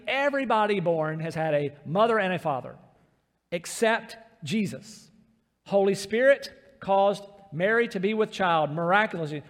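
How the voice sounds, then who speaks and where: A man preaching a sermon as pastor, earnest and emphatic, often repeating words as he presses a point. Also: high-pitched. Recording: long reverb in a large hall.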